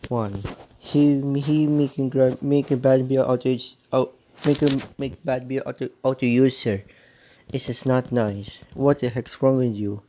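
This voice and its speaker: A man delivers a ranting vlog monologue in a mellow, darker-toned voice at an ordinary pitch. His phrasing is halting and repetitive, and he stumbles and restarts as he airs grievances in an accusing way. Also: steady tone, a little hiss or hum. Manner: aggrieved, accusing tone. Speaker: vlogger.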